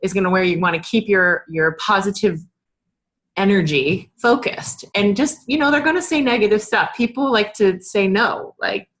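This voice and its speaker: A woman's voice: mid-range voice, moderate pace, a bit bright. A woman in her thirties coaching her sales team in a casual, chatty way, acting out bits of customer dialogue. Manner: chatty, lots of fillers, acts out customer dialogue.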